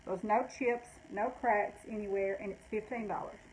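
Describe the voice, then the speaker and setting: A woman's voice: medium pitch, fairly even intonation, normal speed, darkish tone, slight background noise, rough recording. An older woman, out of breath, chatting casually as she shows items from her vintage shop and rambles, correcting herself along the way. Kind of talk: casual live sale talk.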